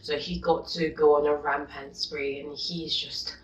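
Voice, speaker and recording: A young woman vlogging a rant, exasperated and indignant, going from low muttering to loud outbursts. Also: little pitch movement, unhurried. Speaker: YouTuber. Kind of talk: vlog rant reading comments. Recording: dull echoey room, mic at a distance.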